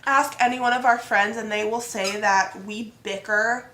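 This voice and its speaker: A woman hosting a casual couples vlog, chatty and animated, teasing her partner fondly. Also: a little high, normal speed, slight background noise. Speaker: vlog host. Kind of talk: casual chat. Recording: echoey room.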